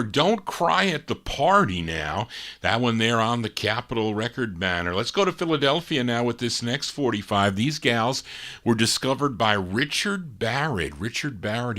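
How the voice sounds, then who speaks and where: A man hosting a live show of old soul records, chatting casually, pausing to recall names and details. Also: fairly low pitch, bright, forceful tone. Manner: unhurried, pauses to recall names, fillers. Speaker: radio-style show host and DJ.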